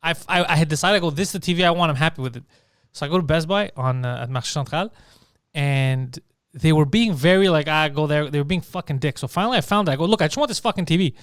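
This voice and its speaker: A man tells a story on a casual comedy podcast, playing out his own angry outbursts and swearing freely. His voice sits high for a man, and he talks fast. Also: smooth, no echo, clean studio sound. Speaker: podcast co-host.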